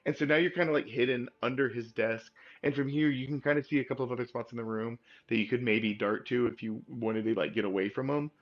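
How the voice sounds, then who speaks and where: A man's voice: mid-range voice, fast talker, few pauses, highs cut off. A man narrating as game master in a loose, rambling way, while losing his voice. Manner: loose, rambling with many fillers.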